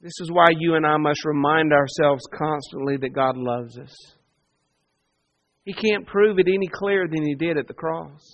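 A man preaching a sermon, earnest, moving between soft hushed lines and emphatic ones. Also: on the high side, normal speed, muffled recording. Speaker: pastor.

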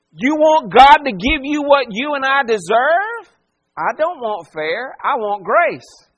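A man's voice: very high-pitched, sing-song, takes it slowly, fairly bright tone, dull audio. A man preaching a sermon, acting out the voices of the people he quotes and pressing his listeners with rhetorical questions. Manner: dramatic voicing of quoted figures, rhetorical questions. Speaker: pastor.

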